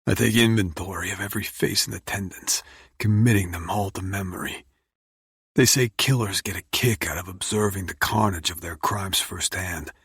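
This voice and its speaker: A man reads a dark first-person audiobook in a brooding, intense tone. His voice sits low and is very husky. The recording is dry and close. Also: moderate pace, no room sound. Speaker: audiobook narrator.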